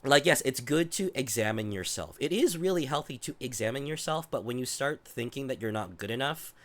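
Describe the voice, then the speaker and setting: A man's voice: mid-range voice, lively intonation, fairly quick, fairly bright tone. Man, 30s, streamer, voice worn from a cold, casual rambling chat, mid-range voice. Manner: rambling, restarts and swears often.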